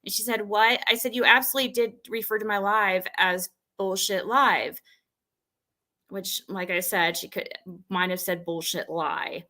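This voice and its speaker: A woman's voice: mid-range voice, fairly even intonation, moderate pace, bright, forceful tone. A woman streamer venting and rambling as she retells an argument, with many restarts.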